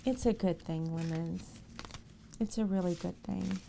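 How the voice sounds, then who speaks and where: Gravelly low-voiced woman streamer. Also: measured pace, warm tone, a little hiss or hum. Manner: emotional, sentimental, chatty. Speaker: live streamer. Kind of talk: casual live-stream chat with viewers.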